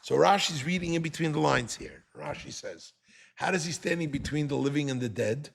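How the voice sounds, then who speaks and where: A man's voice: fairly high pitch, fairly quick, creaky, breathy edge. A man, a rabbi teaching a Torah class, animatedly dramatizing the text.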